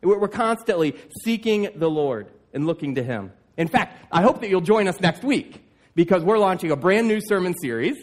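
A man's voice: sits high, expressive, moderate pace. A male pastor preaching a sermon, emphatic, with stammered restarts and "like, like".

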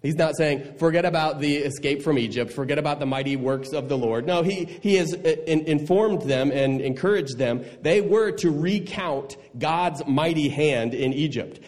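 A man preaching a sermon, animated and laughing at times, swinging between loud and hushed delivery. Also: a little high, moderate pace, few pauses, long reverb tail. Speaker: pastor.

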